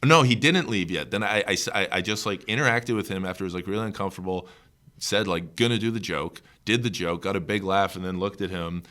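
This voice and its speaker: A man's voice: low voice, fairly quick. A young man from Canada, a guest comedian telling road stories in casual podcast talk, rambling with lots of fillers and acting out hecklers. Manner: rambling, filler-heavy, acts out hecklers' shouts.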